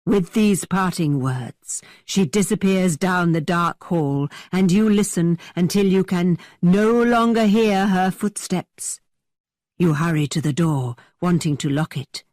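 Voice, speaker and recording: A woman voicing a teasing young man who tells spooky tales in a dramatically low voice. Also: slow pace, dry recording, clean studio sound. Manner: dramatically low, hushed storytelling.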